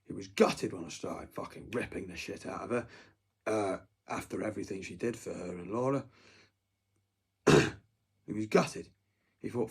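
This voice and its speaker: A man delivering a threatening, profane rant, dropping to hushed whispers and then bursting out loudly. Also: lowish voice, animated, measured pace, long pauses, husky. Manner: swings from hushed whispers to loud outbursts, heavy swearing.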